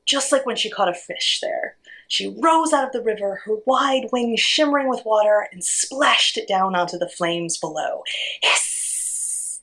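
A woman reading a children's story aloud, expressive and gently animated. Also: medium pitch, moderate pace, low-quality recording.

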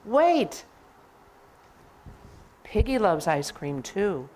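A woman voicing an excitable, fretful male elephant from a picture book, dithering as he talks himself in and out of sharing. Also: medium pitch, drawn-out words, full character voice, poor audio. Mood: torn. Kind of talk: picture-book read-aloud.

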